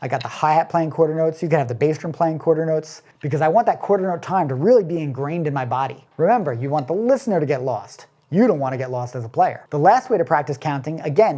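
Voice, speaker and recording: A man's voice: fairly high pitch, fast talker, background noise. A man teaching a drum lesson, explaining step by step in a casual way and counting beats aloud. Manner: relaxed, casual phrasing.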